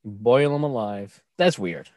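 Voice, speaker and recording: A man's voice: fairly low pitch, lively intonation, a little slow, darkish tone, no room sound. Joking man in casual chat. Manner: joking, playful, laughs along.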